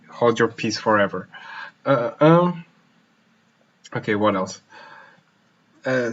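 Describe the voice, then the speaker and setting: This man's mid-range voice has a fairly bright tone. Hosting an informal live Q&A stream as a language teacher, he reads out viewer questions and jumps between languages mid-sentence. The audio is lo-fi and a little dull.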